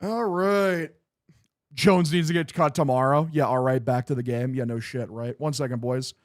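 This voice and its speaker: A man's voice: mid-range voice, takes it slowly, long pauses, no echo, clean studio sound. A young man hosting a casual live game-watch stream. He swears a lot, sounds frustrated and talks to his chat as "boys". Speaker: livestream host.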